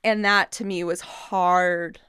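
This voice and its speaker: A woman hosting a podcast in casual chat, quick to agree and fond of mimicking characters. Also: lowish voice, steady tone, pushed and bright, smooth. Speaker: podcast host.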